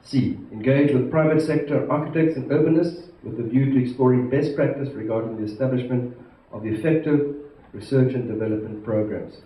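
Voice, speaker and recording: A man from South Africa, an institute president giving a formal conference address, measured and emphatic, stressing key words. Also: medium pitch. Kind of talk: formal prepared speech to a conference. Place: large conference hall. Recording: echoey hall, distant mic, muffled, faint hiss.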